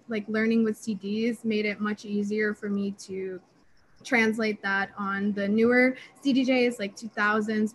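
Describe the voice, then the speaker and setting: A young woman, a DJ and producer, answering interview questions in an excitable, chatty way full of fillers. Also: mid-range voice, a little hiss or hum, low-quality recording. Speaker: DJ and music producer.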